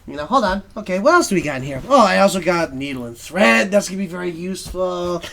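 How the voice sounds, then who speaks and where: A man's voice: high-pitched, lively intonation, fast, creaky, fairly bright tone. A man on a comedy podcast taunting a captive co-host while rummaging through a bag. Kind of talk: improvised comedy bit.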